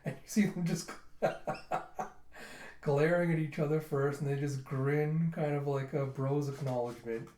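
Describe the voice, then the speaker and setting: A man's voice: fairly high pitch, fairly even intonation, measured pace, mellow. A man casually reading through a manga, laughing and switching between character voices. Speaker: manga reviewer. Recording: roomy echo.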